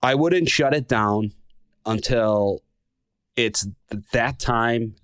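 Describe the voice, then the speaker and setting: A man's voice: lowish voice, no room sound, clean studio sound. A man hosting a podcast in casual chat, laid-back and full of fillers. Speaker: podcast host.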